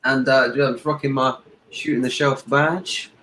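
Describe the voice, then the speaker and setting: A man guesting on a casual podcast chat, upbeat and quick to agree. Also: mid-range voice, fairly even intonation, sharp tone, roomy sound, a little hiss or hum, low-quality recording. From United Kingdom.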